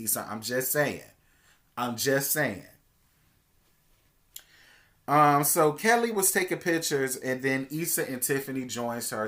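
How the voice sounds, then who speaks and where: A man giving a casual, sassy TV episode recap, chatty and expressive, calling his viewers "girl.". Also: mid-range voice. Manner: expressive, swings between hushed asides and loud exclamations. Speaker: TV show reviewer.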